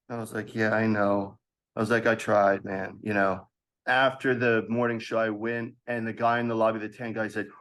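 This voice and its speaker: A man in his thirties, a podcast guest telling an animated story from his past and acting out the voices of others with laughs. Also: on the low side, moderate pace. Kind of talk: storytelling in a casual interview.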